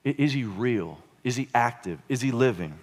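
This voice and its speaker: A man in his thirties preaching a sermon, telling a story with frequent chuckles and halting restarts. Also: mid-range voice, animated. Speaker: pastor. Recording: long hall reverb.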